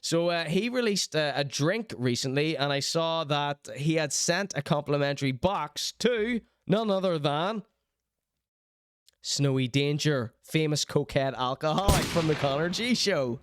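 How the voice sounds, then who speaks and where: A man hosts a casual livestream, working himself into theatrical, mock-outraged rants. His voice is smooth and resonant, sitting a little high for a man. It is recorded close and dry. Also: animated, a little slow, no room sound. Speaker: streaming show host.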